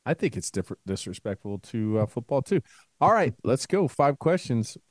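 A man hosts a casual sports podcast segment in a playful, joking way. His pitch jumps around a lot, and the sound is dry and close. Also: sing-song, moderate pace, dry recording. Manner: playful, does goofy voices. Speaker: podcast co-host.

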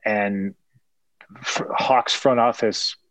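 Earnest rambling man, low and dry. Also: fairly even intonation, very slow, fairly bright tone, no room sound, poor audio. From Chicago. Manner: earnest, rambling, with many restarts. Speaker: former fighter and MMA broadcaster. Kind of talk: reflective interview answers.

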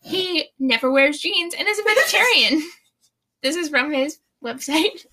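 A woman's voice: high voice, expressive, a little slow, pushed and bright. A young adult woman co-hosting a casual book chat, talking in a chatty way, swearing freely and laughing often. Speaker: podcast co-host.

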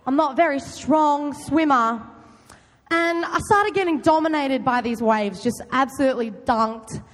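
A young woman giving a loud, chatty youth talk, often quizzing her audience. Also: sits high, measured pace. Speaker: youth group speaker. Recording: long hall reverb.

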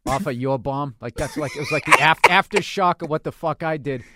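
A man hosting a podcast, telling profane comedy war stories in a casual, animated way and acting out other people's lines. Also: fairly high pitch, fairly quick, heavy background noise. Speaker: podcast host.

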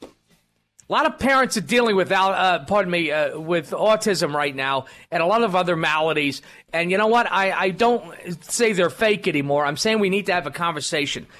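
A talk radio host with a high, bright voice, rambling through his monologue with plenty of fillers and false starts. He pokes fun at himself as he talks into a studio microphone. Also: animated, brisk. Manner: rambling, self-deprecating, many fillers and restarts.

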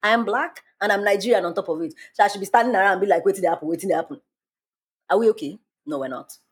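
Husky woman podcast host, super animated storytelling, acts out quotes, laughs a lot. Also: mid-range voice, very fast. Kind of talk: casual storytelling.

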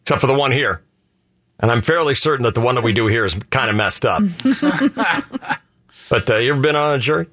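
A man's voice: mid-range voice, racing, fairly bright tone, dry recording, studio quality. A male radio host talking in casual, joking banter, rambling and asking leading questions.

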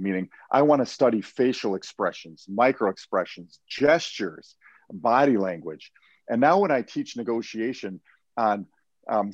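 Negotiator guest: steady, explanatory man, dry close sound, a bit dull and lo-fi. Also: medium pitch, dry recording. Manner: measured, explanatory, repeats words at starts of phrases. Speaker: hostage negotiator and professional speaker. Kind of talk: podcast interview.

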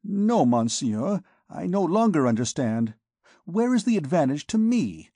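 A man's voice: a little high, very animated, measured pace, dark tone, dry recording, studio quality, pitched above the performer's own voice. A man doing a frightened young poet. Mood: anxious. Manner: anxious, pleading, protesting.

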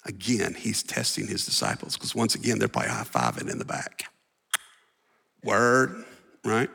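A man preaching a sermon as pastor, animated, acting out voices and dropping at times to a near whisper. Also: on the low side, normal speed, gravelly, husky. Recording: long reverb of a large hall.

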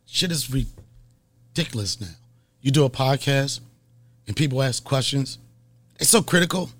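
A middle-aged man hosting a podcast, telling a profane comic story in an animated way and acting out scenes with mock gasps. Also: mid-range voice, a little slow, pauses often. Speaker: podcast host and comedian.

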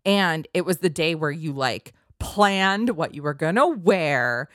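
Giggly, lively young woman, chatty. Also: low voice, a little slow, no echo, clean studio sound. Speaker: podcast co-host, songwriter. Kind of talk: casual chat.

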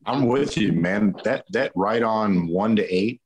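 A man's voice: fairly low pitch, unhurried, slightly rough, low-quality recording. A man in casual chat who swears offhandedly, heard over a glitchy internet connection. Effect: glitchy internet audio.

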